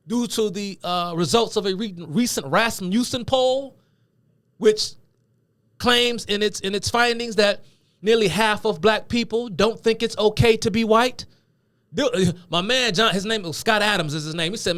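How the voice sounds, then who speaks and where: A man with a high voice delivers lecture-style commentary on politics. He talks emphatically and conversationally and drops casual slang as he explains things to his viewers. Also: unhurried, fairly bright tone.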